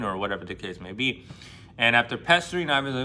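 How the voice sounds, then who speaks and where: Profane, excitable man retelling a novel. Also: mid-range voice, quick pace, a little hiss or hum. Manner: profane, excitable, acts out quoted lines in a raised voice. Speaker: book vlogger. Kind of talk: casual book discussion, retelling a novel.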